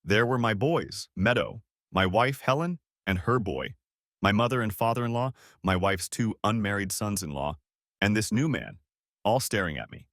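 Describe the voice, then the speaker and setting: A male storyteller reads a first-person revenge tale in a wry manner. His delivery is lively and moves a lot in pitch. It is recorded dry and close, in the way of a home studio. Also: moderate pace, no echo. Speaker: narrator.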